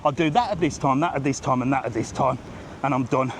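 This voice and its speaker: A middle-aged man walks a sunny seafront street, live vlogging into a handheld phone with a joking, ranting manner and slightly out of breath. He's a fast talker with a mid-range voice, and a little hiss or hum can be heard.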